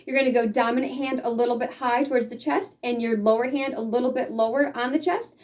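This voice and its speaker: A woman with a fairly high voice explains things patiently, step by step, as a teacher would. She sometimes acts out the feelings she describes. Her voice is picked up from a little way off the mic. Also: fairly even intonation, quick pace, a little mellow, far from the mic. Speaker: sign language teacher. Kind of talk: casual instruction.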